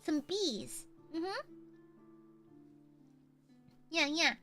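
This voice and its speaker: A woman's voice: very high voice, lively intonation, extremely slow, sharp tone, faint music behind. A woman streamer chatting casually while gaming, playful and boastful, swearing freely and laughing often.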